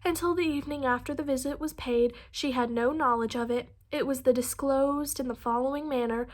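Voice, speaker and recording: A woman narrates a classic novel in a high, clear-toned voice. Her reading is steady and unhurried, with the odd slip she corrects as she goes. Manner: steady reading with small slips and restarts. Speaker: audiobook reader.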